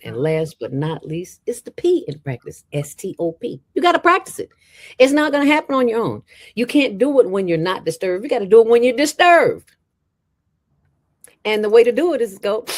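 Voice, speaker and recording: Lively, low-voiced middle-aged woman. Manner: animated, emphatic, preachy and playful; fast talker from years on radio. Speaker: guest, nonprofit founder. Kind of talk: casual interview chat.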